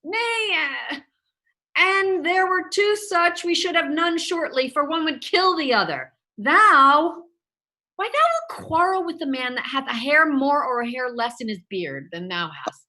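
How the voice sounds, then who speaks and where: Woman as Mercutio, witty and teasing, bright high voice, lively delivery. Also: measured pace, exaggerated voice. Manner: animated, mocking. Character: witty, quarrel-mocking young male Mercutio. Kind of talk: Shakespeare reading over a video call.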